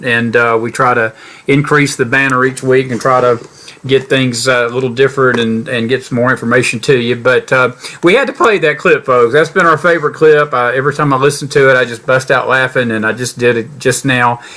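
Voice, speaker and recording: A middle-aged man hosting a political podcast, his voice sitting at an ordinary mid pitch. His delivery is folksy and earnest, and it grows indignant as he talks straight to his listeners. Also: steady tone, a little fast, bright, forceful tone. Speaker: podcast host.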